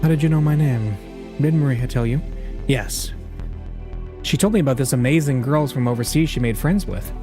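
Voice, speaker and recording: Man voicing a young woman fighter, calm, confident, quiet, level. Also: medium pitch, normal speed, pauses often, soft background music, lightly acted.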